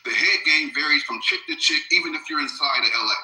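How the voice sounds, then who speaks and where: A man's voice: on the high side, expressive, fast talker, sharp tone, echoey room, low-quality recording. A laid-back man in a crude, casual live-stream debate who laughs often and argues back.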